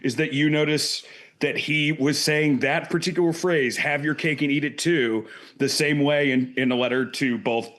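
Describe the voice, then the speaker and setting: Halting male podcast co-host. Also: a little high, fairly even intonation, fairly bright tone. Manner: halting questions full of "like" and restarts. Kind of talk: casual podcast interview.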